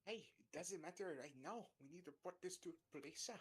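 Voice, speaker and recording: A man's voice: high voice, quick pace, slight background noise, pitched above the performer's own voice, close to an everyday voice. Man voicing a caring, fierce Latina woman. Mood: concerned. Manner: mixes Spanish words into English. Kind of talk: fan story read aloud with voices.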